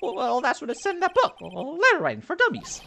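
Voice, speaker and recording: Squeaky, whiny, excitable young man in a game playthrough, voiced by a woman. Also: a little fast, gravelly, slight background noise, heavily acted. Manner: squeaky, frantic, pleading.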